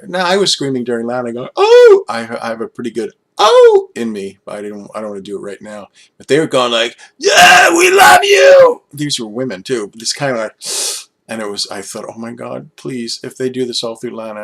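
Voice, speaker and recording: Older male vlogger, 60s, lower-pitched, casual rambling delivery full of restarts, slightly worn out. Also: a bit bright. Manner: chatty, self-deprecating, trailing off and restarting. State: tired after a late night. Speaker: YouTube vlogger.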